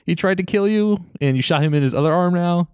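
A man's voice: sits high, fast, a little mellow, clear, resonant tone, no echo, clean studio sound. A man co-hosting a podcast in casual chat, making wry, sarcastic jokes and swearing casually. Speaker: podcast co-host.

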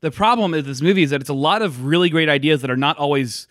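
A man co-hosting a podcast, talking thoughtfully about a film with halting restarts. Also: fairly high pitch, a bit bright, no room sound, clean studio sound. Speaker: podcast co-host. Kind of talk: casual chat reviewing a film.

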